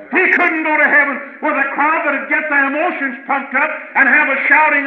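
A man with a Southern American accent, preaching a sermon in a folksy way that swings between loud passages and quiet asides. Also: very high voice. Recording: lo-fi roomy archival church recording.

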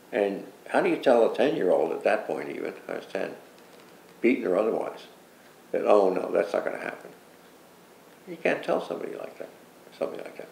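Older male guest, low gravelly voice, earnest rambling storyteller, echoey room. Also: a little mellow. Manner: earnest, rambling recollection with repeated pleas and asides. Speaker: interview guest. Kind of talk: personal storytelling in an interview. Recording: roomy echo with faint background noise.

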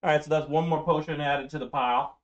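A man's voice: fairly high pitch, steady tone, fast. Casual rambling dungeon master, man. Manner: casual, rambling, full of fillers. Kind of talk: running a tabletop game. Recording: dull lo-fi recording.

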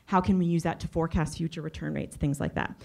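A woman's voice: low-pitched, fast, vocal fry. A woman giving a conference talk in a chatty way, telling a story and acting out the voices of the people in it. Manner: chatty and animated, acts out quoted voices. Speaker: conference speaker.

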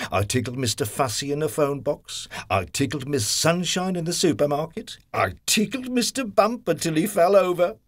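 An actor playing a cheeky, playful tickling character, telling a children's audio story in first person with a slightly husky voice and gleeful high squeals on each tickle. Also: male voice, no room sound, studio quality.

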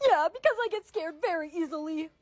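A woman's voice: very high-pitched, fast, faint music behind. A woman voicing cartoonish schoolboys, one grumpy and growling, one easily frightened and screaming. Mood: scared.

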